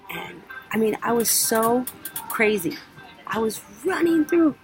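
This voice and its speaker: A woman's voice: fairly high pitch, measured pace, soft background music, poor audio. A young woman vlogger telling a travel story in a casual way, acting out her own panic. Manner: animated, acts out her own panic in quotes.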